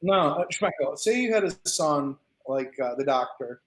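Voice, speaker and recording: A man with a slightly raised pitch presses with probing, pointed questions. He sounds roomy and echoey, like a call picked up in an open room. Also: lively intonation, moderate pace, slight background noise. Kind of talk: casual chat.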